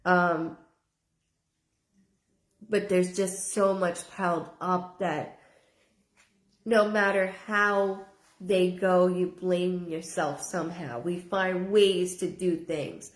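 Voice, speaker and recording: A woman's voice: lowish voice, fairly even intonation, slow, long pauses, echoey room. A woman psychic medium giving a live reading in an earnest manner, often repeating her phrases and relaying a spirit's words in first person.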